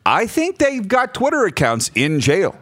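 A man's voice: high-pitched, wildly swooping pitch, unhurried, a bit bright, dry recording, studio quality. A man hosting a casual radio show, laughing often as he jokes and reads out listener messages. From Saskatchewan, Canada. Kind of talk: casual sports radio banter. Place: radio studio.

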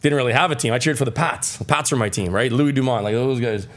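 A man's voice: medium pitch, fast talker. A man in his forties from Saskatchewan, a guest chatting casually in an interview and rambling with lots of fillers and restarts. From Saskatchewan, Canada. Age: 40s. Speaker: guest athlete.

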